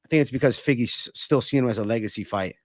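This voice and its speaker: A man's voice: medium pitch, no room sound, studio quality. A young man with a Northeastern American accent hosting a casual livestream Q&A, swearing freely as he banters with chat. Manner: casual, profane, banters with chat between quick celebrity impressions. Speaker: livestream host.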